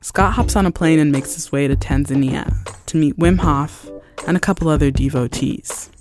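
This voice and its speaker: Measured male podcast narrator. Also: fairly high pitch. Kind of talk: scripted narration. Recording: music underneath. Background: music.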